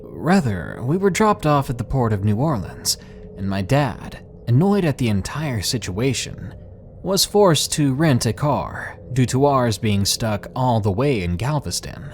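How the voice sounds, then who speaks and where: A man reading a first-person account at a steady pace. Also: mid-range voice, a little slow, soft background music.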